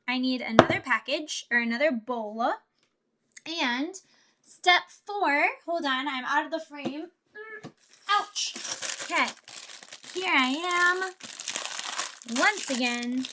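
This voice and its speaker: A woman's voice: sits high, noisy background. A young woman VTuber chatting playfully with her live chat while she builds a Lego set. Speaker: VTuber streamer.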